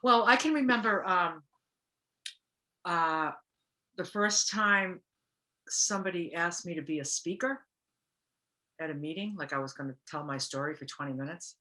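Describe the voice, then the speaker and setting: A woman's voice: fairly low pitch, normal speed, pauses often. A woman co-hosting a recovery talk show, casually reflecting and telling stories, acting out the voices of people she quotes. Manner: animated storyteller, acts out quotes. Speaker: podcast co-host.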